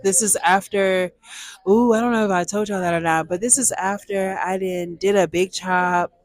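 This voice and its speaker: A young woman, telling a personal story to viewers in a lively, chatty way. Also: medium pitch, moderate pace, no echo. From Texas, USA. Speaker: storytime vlogger.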